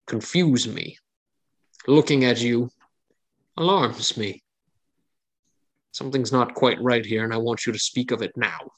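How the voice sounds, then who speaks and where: A man plays a stout, stern baron in a tabletop game, his voice set in a middle register. The delivery is firm and unwavering, measuring the strangers before him. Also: mid-range voice.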